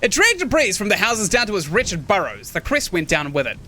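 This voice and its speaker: A man reading out an old hermit's lines from a video game in a high, loud voice with a rough attempt at a Scottish accent. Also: wildly swooping pitch, brisk, a little hiss or hum, exaggerated voice. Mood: somber. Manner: reading game dialogue aloud, dramatic. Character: lonely old man, stubborn hermit by the sea.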